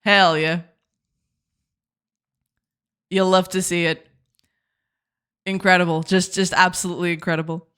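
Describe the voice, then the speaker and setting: A woman's voice: fairly low pitch, little pitch movement, a little slow, long pauses, smooth. A woman streaming her game development live, chatting casually and laughing often, and repeating words as she searches for them. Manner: laughs often and reacts warmly to chat.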